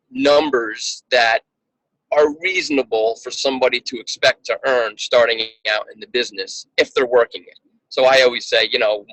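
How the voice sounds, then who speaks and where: A man speaks in a bright, forceful voice, recorded dry and close. He gives earnest coaching advice on a call, often repeating a word and restarting a sentence as he goes. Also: medium pitch, no echo, low-quality recording. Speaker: business coach mentoring a team member.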